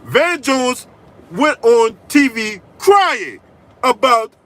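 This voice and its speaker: A man's voice: very high voice, sing-song, extremely slow, a bit bright, low-quality recording. A man hosting a political commentary channel, delivering a profane, mocking rant full of crude trash talk and repeated "right?".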